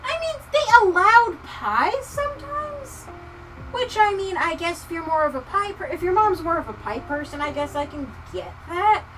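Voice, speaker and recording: A woman livestreamer chatting casually with viewers, ranting with profanity and swinging from muttering to near-shouting. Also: very high voice, very animated, normal speed, recorded from a distance, poor audio. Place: home craft room. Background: soft lofi music.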